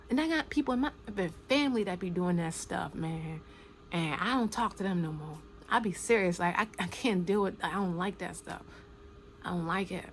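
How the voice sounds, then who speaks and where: A woman in mid-range pitch speaks off the cuff. Her talk is casual and full of slang. She stresses each point by repeating it and lets some words sink to a hushed, breathy near-whisper, over a faint background hiss. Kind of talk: casual spoken commentary.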